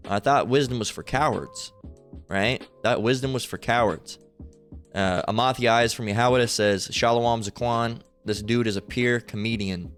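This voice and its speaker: A man's voice: medium pitch, normal speed, fairly bright tone, soft background music. A man giving angry reaction commentary, profane and heated, quoting scripture between insults. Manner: quotes scripture. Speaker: online commentator.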